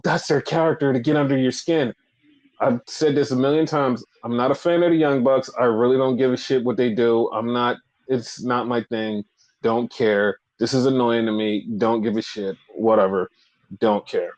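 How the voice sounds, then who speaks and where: A man's voice: mid-range voice, a little mellow, dull audio. A man co-hosting a casual wrestling podcast, ranting with lots of swearing and repetition. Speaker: podcast co-host.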